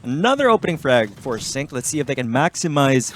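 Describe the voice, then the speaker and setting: A man giving measured, analytical color commentary on an esports match, mixing English and Tagalog. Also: medium pitch, very animated, fairly bright tone, a little hiss or hum. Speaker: esports co-caster.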